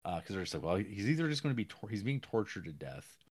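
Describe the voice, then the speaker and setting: A man with a very low voice talks through a film's plot in a loose, rambling podcast chat. He keeps slipping into quick acted-out quotes between fillers. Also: big pitch swings, slightly rough. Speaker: podcast co-host. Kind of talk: casual film discussion.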